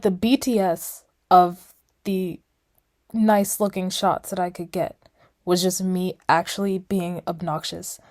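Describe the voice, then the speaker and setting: A young woman chats slowly and casually for her vlog, giggling between thoughts. Her voice is mellow and close, with a dry sound. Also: medium pitch, no echo. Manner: giggly, loose, laughing between lines. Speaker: vlogger.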